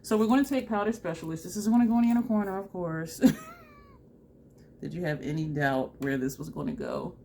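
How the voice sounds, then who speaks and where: Chatty, excitable woman with a low voice. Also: normal speed, a little hiss or hum. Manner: chatty and excitable, laughs often, talks straight to viewers. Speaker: makeup vlogger. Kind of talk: casual makeup tutorial chat.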